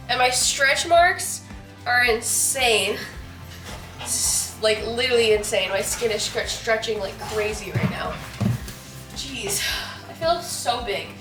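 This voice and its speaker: A bubbly young woman talks chattily at home in a high, bright-pitched voice. She is pregnant and getting over a cold, and she gushes as she goes. The room is echoey, and faint music plays underneath. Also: a little slow. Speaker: vlogger. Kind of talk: casual vlog chat.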